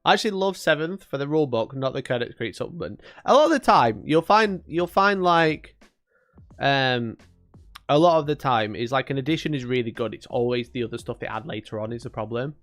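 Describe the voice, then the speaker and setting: Man, live-stream host, lively sing-song delivery, sweary mock-outrage. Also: medium pitch, brisk, soft background music. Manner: sweary, mock-angry banter with chat. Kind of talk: casual live-stream chat.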